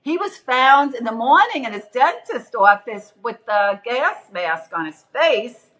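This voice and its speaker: A middle-aged woman earnestly retelling her near-death experience in casual testimony, acting out the quoted voices with big jumps in pitch. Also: big pitch swings, a little slow, a bit bright, poor audio.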